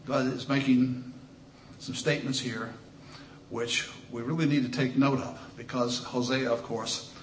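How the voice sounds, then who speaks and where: Male preacher, mid-pitched, slow emphatic scripture reading between quicker asides, recorded in a roomy space with faint background hum. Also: steady tone. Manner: reads scripture slowly and emphatically, asides with restarts.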